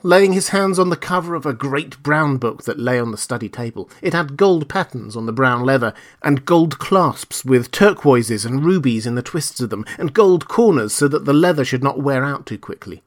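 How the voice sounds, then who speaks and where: A man's voice: mid-range voice, expressive, normal speed, few pauses. Man reading a children's story aloud.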